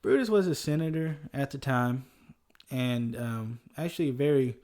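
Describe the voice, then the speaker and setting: Laid-back Southern man, mellow voice. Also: medium pitch, moderate pace. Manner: chuckles often, loose and conversational. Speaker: podcast host. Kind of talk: casual history podcast chat.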